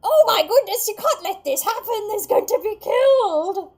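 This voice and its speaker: A woman's voice: extremely high pitch, lively intonation, normal speed, darkish tone, voice pushed up. A woman voicing a fussy elderly woman who shrieks in alarm during a tabletop game. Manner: shrieking, panicked.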